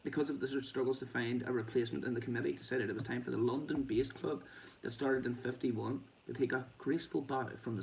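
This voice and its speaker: A man's voice: medium pitch, creaky, a little mellow, recorded from a distance, slight background noise, poor audio. A man hosting a boxing show, reading news aloud and breaking off into chatty, sweary asides with laughing comments.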